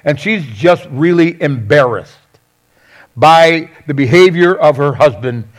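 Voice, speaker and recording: A man preaching a sermon, conversational and animated, acting out quoted lines with sarcasm. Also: fairly high pitch. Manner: conversational with self-corrections. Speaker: pastor.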